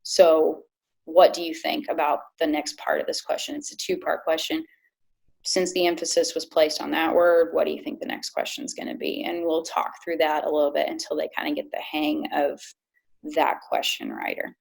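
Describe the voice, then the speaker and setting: A woman with a very low voice and a gravelly, creaky edge talks as a guest coach. She explains things step by step in a casual, thoughtful way. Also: big pitch swings, moderate pace, rough recording. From Illinois. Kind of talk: casual podcast chat.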